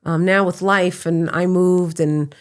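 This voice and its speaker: Animated middle-aged woman telling stories. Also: fairly low pitch, takes it slowly. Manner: animated, breaks into laughter when telling stories. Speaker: podcast guest. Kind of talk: casual conversational storytelling.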